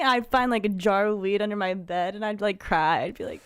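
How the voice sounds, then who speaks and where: A woman's voice: mid-range voice, normal speed, few pauses, smooth, no room sound. A young woman co-hosting a podcast, chiming in casually in chat. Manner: casual, chiming in with short remarks. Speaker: podcast co-host.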